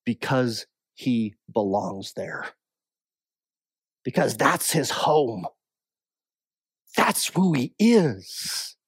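A man preaching a sermon as pastor, moving between raised, urgent passages and quiet, low, drawn-out ones. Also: very animated, breathy edge, no room sound, clean studio sound.

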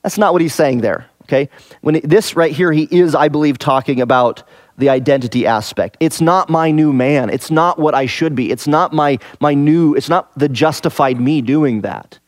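A man's voice: a little high, normal speed, no echo, clean studio sound. A man teaching verse by verse through a scripture passage in a conversational way, asking rhetorical questions and repeating key phrases for emphasis. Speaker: Bible teacher.

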